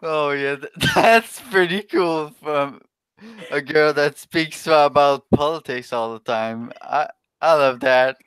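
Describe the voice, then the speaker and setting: A man speaking as a guest in a casual livestream chat, halting and stumbling over words. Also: a little high, fairly bright tone, smooth, dry recording.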